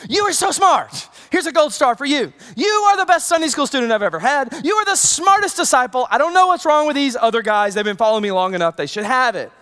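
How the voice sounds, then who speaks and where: A preacher quoting Jesus as a calm adult male teacher, sometimes chummy and sometimes solemn. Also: mid-range voice, measured pace, long reverb tail. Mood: casual. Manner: casual, chummy retelling of Jesus.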